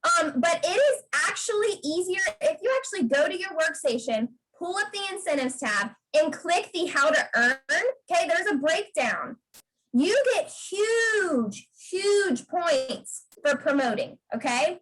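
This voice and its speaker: High-voiced woman giving a pep talk. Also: very animated, a little slow, a bit bright, poor audio. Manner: emphatic, repeats "okay?" to drive points home. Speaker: guest speaker on a sales team video call. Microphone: video call.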